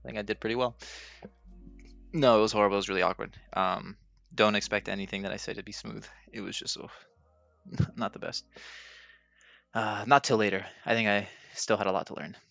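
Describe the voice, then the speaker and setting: A man's voice: on the low side, fairly even intonation, brisk, gravelly, pauses often, a bit bright. A young man hosting a podcast, telling personal stories in a rambling, self-mocking way and laughing often. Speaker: podcast host. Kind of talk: casual personal storytelling. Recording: dull lo-fi sound with faint music.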